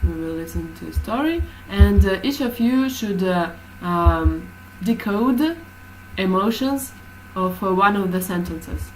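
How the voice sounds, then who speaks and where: A woman's voice: medium pitch, expressive, unhurried, a little hiss or hum, poor audio. A woman teaching a class, explaining hesitantly with many fillers.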